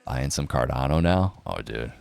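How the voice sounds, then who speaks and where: A man's voice: very deep voice, lively intonation, normal speed, vocal fry, darkish tone, clear, resonant tone, faint music behind. A man giving casual, profane, sarcastic commentary, often mocking others by putting on voices. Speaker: crypto news commentator.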